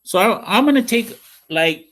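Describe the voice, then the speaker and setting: A man's voice: high-pitched, animated, normal speed, fairly bright tone. A man giving a patient, sing-song lesson to young children as a school counselor, checking in often with "okay?".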